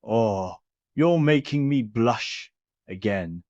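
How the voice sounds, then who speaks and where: A man voicing a tender, affectionate young man in love, speaking softly and sentimentally. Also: mid-range voice, lively intonation, takes it slowly, dry recording. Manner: soft, gushing and sentimental. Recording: dull lo-fi recording.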